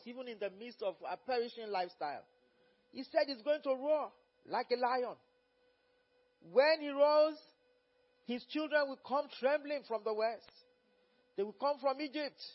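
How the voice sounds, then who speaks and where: High-voiced man preaching fervently, lo-fi. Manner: fervent, repeats phrases, rises to loud exhortation. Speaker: pastor leading a Bible study. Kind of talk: preaching Bible teaching. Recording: dull lo-fi recording.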